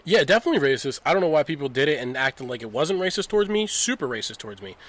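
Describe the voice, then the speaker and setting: A man's voice: a little high, sing-song, rapid-fire, fairly bright tone. A young man co-hosting a podcast, chatting casually, loose and joking, swearing freely and laughing often. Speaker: podcast co-host. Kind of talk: casual chat.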